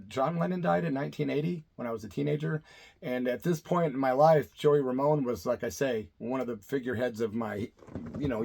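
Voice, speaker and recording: A middle-aged man who has spent his career as a radio DJ, talking straight to his viewers in an easygoing, rambling way. His voice sits at an ordinary pitch for a man, and he keeps tacking "man" onto his sentences. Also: creaky, slightly rough. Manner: laid-back, rambling, says "man" a lot. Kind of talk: casual storytelling to camera.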